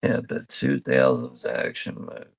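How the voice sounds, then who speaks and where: A man's voice: rumbling low, very animated, moderate pace, gravelly, slightly rough, no echo. A man hosting a live watch party, commenting casually over a film, laid-back, swearing freely and laughing often.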